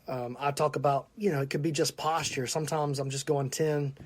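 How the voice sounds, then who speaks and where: A man's voice: fairly high pitch, fairly even intonation, a little fast. A man with a Southern US accent hosting a casual live stream, chatting and greeting viewers by name. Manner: chatty, shouting out viewers, laughing often. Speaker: podcast host.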